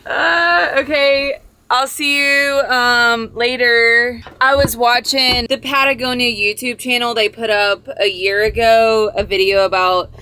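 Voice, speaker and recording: Slow-talking chatty woman vlogger. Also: a little high, fairly even intonation, sharp tone, slight background noise. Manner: chatty, rambling, self-joking. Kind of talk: casual chat to camera. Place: camping out of a truck.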